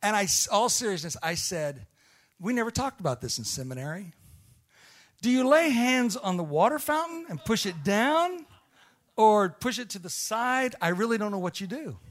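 A man with a high voice preaches a sermon as a storyteller. He drops to near hushes and then climbs to shouting peaks. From Illinois. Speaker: missionary preacher.

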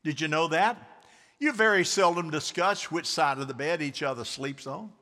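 A pastor preaching to his congregation in a church, his voice bright and forceful and set a little high for a man. He calls out to the people and has them repeat lines back to him. A long reverb hangs on every phrase. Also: normal speed. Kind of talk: sermon.

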